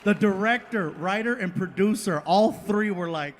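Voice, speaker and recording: A Mexican American man doing stand-up on stage, telling stories with animated acted-out dialogue. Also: high voice, normal speed, a crowd in the background, noisy background. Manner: animated, acts out dialogue with voices. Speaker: stand-up comedian. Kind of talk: stand-up storytelling. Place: comedy stage before live audience.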